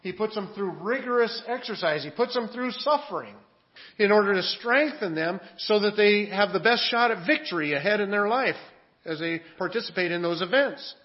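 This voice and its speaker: A pastor preaching a conversational sermon, full of rhetorical questions and restarts. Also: male voice, high voice, lively intonation, moderate pace, highs cut off.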